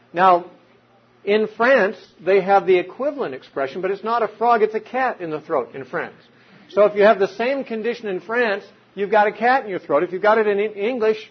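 A man's voice: high-pitched, husky. A man giving an unscripted Bible teaching talk, explaining with examples and rhetorical questions. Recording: dull lo-fi recording.

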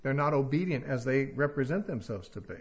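A man's voice: medium pitch, animated, brisk. A man giving a verse-by-verse Bible teaching, reasoning aloud and putting rhetorical questions to his listeners.

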